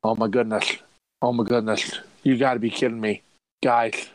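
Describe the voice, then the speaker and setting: A man voicing an excitable male adventurer who exclaims in alarm. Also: mid-range voice, moderate pace, dry recording, natural voice, low-quality recording.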